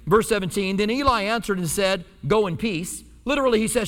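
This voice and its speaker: A man's voice: sits high, a little fast, hardly any pauses. A male pastor preaching a sermon in a church, telling stories with humor and acting out quotes. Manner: animated storytelling preacher, acts out quotes with humor. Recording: long hall reverb.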